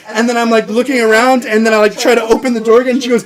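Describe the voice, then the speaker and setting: A man's voice: very high voice, little pitch movement, racing, few pauses, a crowd in the background. A man casually telling rambling stories on a podcast, full of "like" fillers, acting out the people in them. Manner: rambling, heavy "like" filler, acts out voices in stories. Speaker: podcast co-host. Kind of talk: casual storytelling chat.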